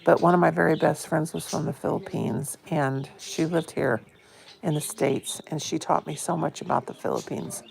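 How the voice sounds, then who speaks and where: Fifties woman hosting a casual phone live stream; low, gravelly and a touch hoarse, friendly chatter. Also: normal speed. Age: 50s. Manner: chatty, greets viewers by name with pet names. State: a bit hoarse. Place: home, indoors.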